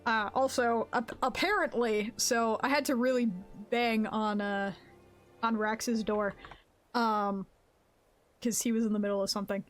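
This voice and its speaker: A woman live-streaming a game, chatting casually with her viewers in an excitable, laughing way. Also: a little high, a little slow, faint music behind. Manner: greets chat viewers mid-game.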